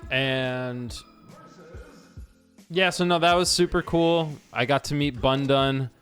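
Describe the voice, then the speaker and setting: Faint music plays beneath a Washington state man as he games on stream and chats casually, his long story full of fillers and restarts. He speaks slowly in a mid-range, fairly bright voice.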